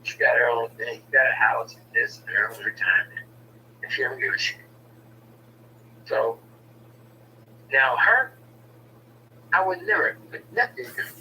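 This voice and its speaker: A man's voice: medium pitch, very animated, normal speed, pauses often, pushed and bright, far from the mic, a little hiss or hum, rough recording. A man telling a personal story in casual, blunt, profane talk, often stumbling and repeating words as he starts a sentence.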